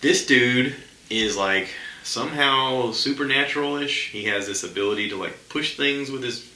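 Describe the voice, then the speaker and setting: Speaking at a moderate pace in a mid-range voice, this man sounds pushed and bright as he hosts his own podcast. His solo talk is chatty and meandering, with plenty of fillers and false starts, captured in an echoey space with faint ambient sound.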